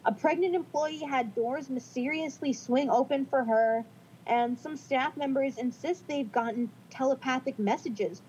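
A woman's voice: high voice, darkish tone, highs cut off, slight background noise. A woman co-hosting a casual podcast, reading from notes in a chatty, self-deprecating way. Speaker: podcast co-host.

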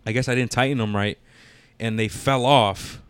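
A man's voice: medium pitch, fairly even intonation, normal speed, smooth, no echo. A young man rambling through a profane story in casual chat, with many restarts.

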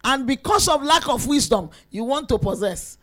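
A woman preaching a sermon to women, emphatic and lively, rising to shouts at her peaks. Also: high voice, moderate pace.

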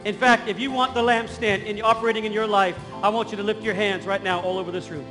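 A male pastor preaching a fervent sermon in a large church, rising at times to shouts. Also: high-pitched, little pitch movement, quick pace. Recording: long hall reverb, faint music.

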